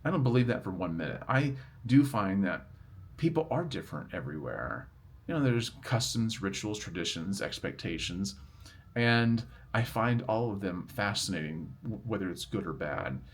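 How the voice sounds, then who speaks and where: A middle-aged man with a deep, low voice chats to his camera outdoors, drifting from one story to the next in a relaxed, rambling way. Faint traffic noise sits behind him. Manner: chatty, rambling and good-humored. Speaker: vlogger. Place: outdoors near a road.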